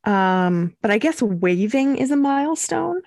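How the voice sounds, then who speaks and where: A young woman co-hosting a podcast, telling a story in a casual, animated way and acting out quotes. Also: fairly high pitch, measured pace, dry recording, clean studio sound. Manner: animated, acts out quotes with swearing and laughs. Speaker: podcast co-host.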